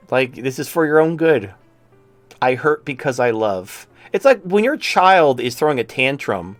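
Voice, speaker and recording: A male host rants with profanity and biting sarcasm. His voice sits fairly high, and the recording is dry and close. Faint music runs underneath. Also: expressive, moderate pace, no room sound. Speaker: show host. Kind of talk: opinion talk show.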